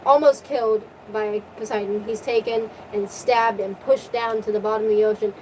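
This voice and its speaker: A woman retelling a story in a casual, profane, animated rant, her voice tiring from long talking. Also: mid-range voice, a little hiss or hum, poor audio. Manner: animated, profane, rapid recap. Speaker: vlogger.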